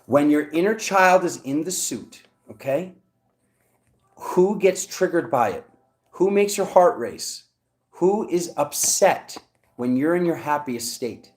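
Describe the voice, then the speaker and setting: Excitable man reading tarot cards. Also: slow pace. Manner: animated, excitable, jumps high in pitch. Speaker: tarot reader.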